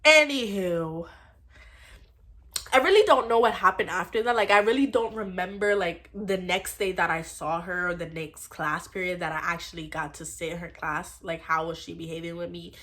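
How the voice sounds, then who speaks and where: A woman's voice: on the low side, moderate pace, sharp tone. Blunt, profane young woman telling a story. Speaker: storytime vlogger. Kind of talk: casual storytime.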